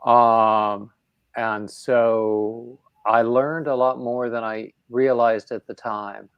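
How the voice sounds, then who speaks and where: A man chats slowly and at an easy, unhurried pace as he hosts a livestream. He rambles, with plenty of fillers and restarts, at a middling pitch. His voice is close and dry, with no room sound. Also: flat delivery, clean tone, no room sound, lo-fi sound. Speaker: livestream host. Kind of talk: casual chat on a livestream.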